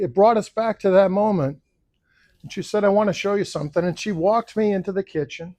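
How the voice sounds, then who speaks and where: A man with a fairly high speaking voice gives a campaign speech to a luncheon crowd. He tells stories in a conversational way and acts out the other people's lines as he quotes them. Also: animated, brisk. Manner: storytelling, acting out quoted voices. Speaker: political candidate. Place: luncheon event room.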